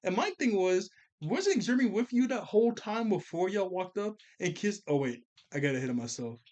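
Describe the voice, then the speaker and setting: A man's voice: sits high, very animated, a little fast, a little mellow. A man giving a casual, rambling recap of a cartoon episode as a reviewer. He often corrects himself and laughs as he talks.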